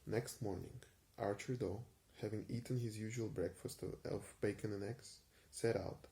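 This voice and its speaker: A man giving an unhurried ASMR reading of a vintage story, with frequent small hesitations. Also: lowish voice, steady tone, vocal fry, warm tone. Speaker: reader.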